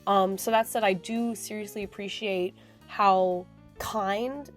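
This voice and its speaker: A young woman, sick with a raspy voice, chatting effusively in a casual Q and A vlog into her phone, which she uses as a mic. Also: mid-range voice, steady tone, slow pace, faint music behind. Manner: chatty and effusive, many fillers. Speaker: cosplay YouTuber. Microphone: phone used as microphone, held close.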